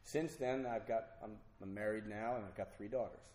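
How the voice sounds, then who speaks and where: Earnest, stop-start middle-aged man telling his recovery story, low pitch, roomy hall. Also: a little mellow. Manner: earnest, halting, with repeated restarts. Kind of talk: personal recovery story told to an audience. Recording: roomy hall with faint noise.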